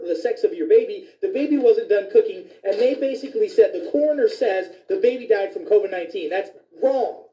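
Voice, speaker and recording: Fired-up ranting man, dark and distant. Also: high voice. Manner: indignant, profane, fired up. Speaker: physician. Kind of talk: ranting commentary video. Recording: distant, echoey, dull lo-fi sound.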